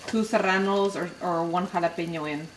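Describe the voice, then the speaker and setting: A woman's voice: lowish voice, steady tone, fairly quick, distant mic. A woman co-hosting a cooking video, adding playful teasing asides to the cook's demonstration. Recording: echoey room with loud noise.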